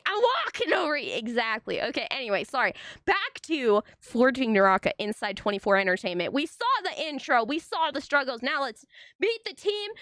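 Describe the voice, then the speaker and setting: A young woman streaming, telling stories in casual chat, animated and full of tangents and swearing. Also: a little high, no echo, studio quality. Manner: animated, tangent-prone storytelling with frequent swearing.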